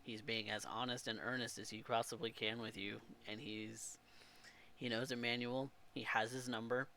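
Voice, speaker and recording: Bright-voiced man running a tabletop game. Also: mid-range voice, little pitch movement, normal speed, a little hiss or hum. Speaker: game master. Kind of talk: narrating and voicing a tabletop game.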